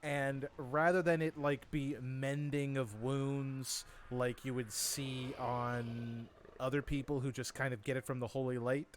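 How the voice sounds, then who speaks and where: A man's voice: medium pitch, little pitch movement, measured pace, few pauses, a little hiss or hum. A man narrating as dungeon master of a tabletop game, laid-back, thinking aloud and chuckling.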